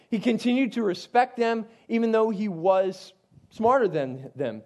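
High-voiced man giving a casual Bible talk. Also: unhurried, darkish tone. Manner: conversational, digressive, frequent asides to listeners.

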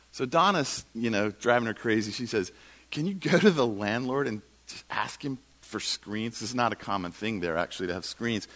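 Casting note: male guest preacher, animated storyteller, bright lively delivery. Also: medium pitch. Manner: animated, self-mocking storytelling. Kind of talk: sermon with storytelling. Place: church.

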